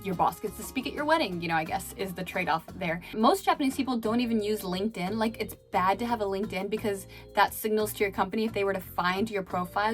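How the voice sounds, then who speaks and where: A woman telling stories in a casual vlog, chatty and full of fillers. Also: medium pitch. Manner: chatty, filler-heavy, laughing now and then. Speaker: vlogger and former chat host.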